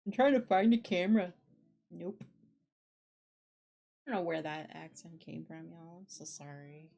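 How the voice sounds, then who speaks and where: A woman on a craft live stream who quietly counts her stitches under her breath, then chats casually to her viewers. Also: lowish voice, animated, fairly quick, vocal fry, rough recording. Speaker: craft livestreamer. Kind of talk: casual live-stream chat while knitting.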